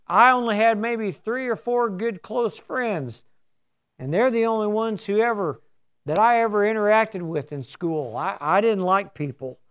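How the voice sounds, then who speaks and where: Older male pastor, high and smooth-voiced, folksy earnest sermon delivery. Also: bright, forceful tone.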